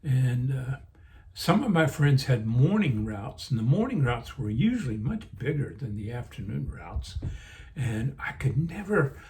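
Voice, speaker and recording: Rambling and in no hurry, an older man hosting a vlog looks back on old times in a mid-pitched voice. Fillers like "um" and "you know" are everywhere, he keeps breaking off and starting over, and he seems drowsy, yawning between thoughts.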